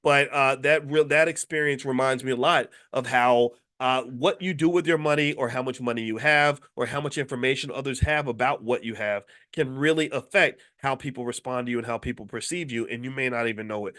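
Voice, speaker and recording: A middle-aged man from Kentucky telling a personal story in casual commentary, animated and stumbling over his openings. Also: mid-range voice, brisk, hardly any pauses. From Louisville, Kentucky. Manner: animated, repeats words when starting sentences.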